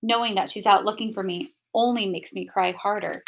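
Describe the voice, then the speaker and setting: A woman reading a children's picture book aloud in an expressive, gentle first-person narration. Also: mid-range voice, a little fast, vocal fry, a little hiss or hum. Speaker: storybook reader.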